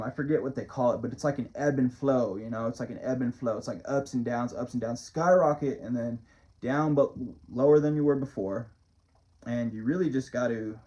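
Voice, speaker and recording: A man's voice: mid-range voice, warm tone, dull audio. A man rambling casually into the camera as a motivational vlogger, swearing freely and chuckling as he talks. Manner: loose, profane, chuckling often.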